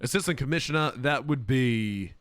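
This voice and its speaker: A man's voice: mid-range voice, expressive, moderate pace. A man streaming a police role-play, talking casually, swearing freely and laughing often. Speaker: streamer playing a police officer.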